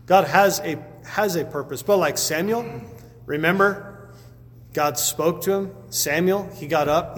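A man's voice: on the high side, a little slow, fairly bright tone. A male pastor preaching in a conversational way, often repeating words as he answers questions. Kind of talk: sermon with Q&A. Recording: reverberant hall with faint background noise.

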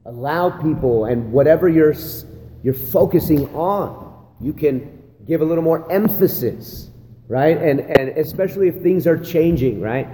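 Pastor, male, warm low-key delivery, chatty church-leadership lesson; long hall reverb, slight room hiss. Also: expressive, unhurried. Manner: conversational, repeats "right?" and "again". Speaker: pastor training other pastors. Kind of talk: church leadership teaching talk. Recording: long hall reverb, faint ambient noise.

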